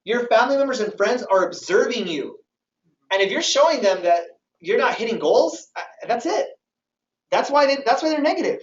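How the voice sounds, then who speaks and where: A man giving an energetic motivational sales training talk to a live audience, often firing questions at the room. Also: very high voice, moderate pace. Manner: energetic, keeps quizzing the audience. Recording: roomy, distant, dull hall recording.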